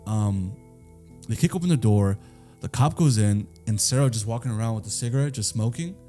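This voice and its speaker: Young male podcast co-host with a mellow voice; loose, swearing, filler-heavy crime retelling. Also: fairly low pitch, brisk, soft background music. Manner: loose and profane, full of fillers and "right?". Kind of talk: casual true crime storytelling.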